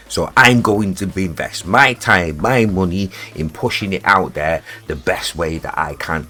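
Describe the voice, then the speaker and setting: Deep-voiced man ranting. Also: a bit bright. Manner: heated, swearing, repeats himself. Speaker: music producer streaming live. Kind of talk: casual livestream rant. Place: home studio.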